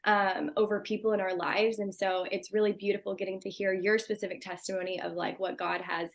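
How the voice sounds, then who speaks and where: A young woman hosting a podcast, upbeat and quick to agree as she asks her questions. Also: mid-range voice, fairly even intonation, gravelly. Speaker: podcast host. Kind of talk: casual interview chat.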